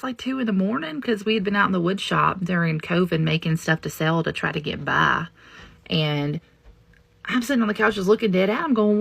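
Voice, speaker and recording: A woman with a drawl shares a ghost story in a folksy, confiding manner. Her voice is bright and edged with a gravelly fry, and her pitch sits a little low for a woman. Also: fairly quick, dry recording. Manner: folksy, confiding, animated when quoting others. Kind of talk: casual personal storytelling to camera.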